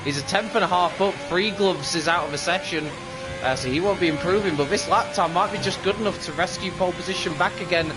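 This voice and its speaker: Male sim racing commentator, slightly high voice, chatty play-by-play, music bed under the mic. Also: fast talker. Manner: chatty, upbeat play-by-play with many fillers. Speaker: lead commentator.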